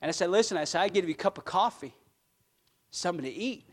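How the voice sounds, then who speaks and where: A high-pitched man preaching a sermon as a pastor. He builds to loud, fervent declarations, then drops into soft, earnest asides to the congregation. The voice sits well above the usual male range. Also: expressive, fast.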